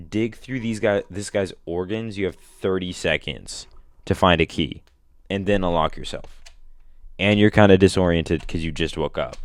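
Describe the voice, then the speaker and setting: A man's voice: deep voice, unhurried, long pauses, dry recording. A young man rambling casually to a listener in a slangy way, bursting out now and then. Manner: slangy, rambling, animated outbursts. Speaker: vlogger.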